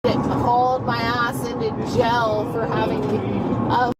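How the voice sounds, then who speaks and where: A woman being arrested, talking back in a defiant, mocking way and breaking into shouts and laughter, caught by a police body camera in a car. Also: fairly high pitch, flat delivery, slow pace, heavy background noise. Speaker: arrested driver. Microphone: officer's body camera.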